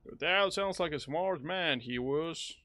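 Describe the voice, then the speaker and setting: A man streaming a video game, rambling and joking as he reacts out loud. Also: fairly high pitch, unhurried, faint music behind. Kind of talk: casual gameplay commentary.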